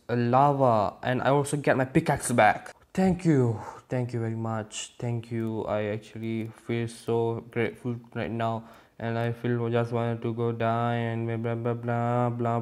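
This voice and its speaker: Guy playing a block game and chatting to himself, mid voice, broken english, yells now and then. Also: medium pitch, a little slow, smooth. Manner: excitable, talks to himself, sudden loud outbursts; non-native, ungrammatical English. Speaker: gaming YouTuber. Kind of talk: casual let's-play commentary.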